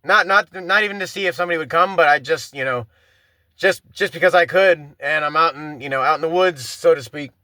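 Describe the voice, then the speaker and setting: A man's voice: a little high, brisk, pushed and bright, no echo. A man in his thirties from Florida, hosting a casual solo podcast, rambling with many fillers and restarts and swearing freely. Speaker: podcast host.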